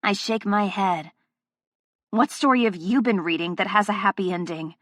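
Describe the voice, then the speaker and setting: A woman's voice: medium pitch, normal speed, a bit bright, dry recording, studio quality. A woman narrating a first-person audiobook, with a heated, emotionally charged delivery.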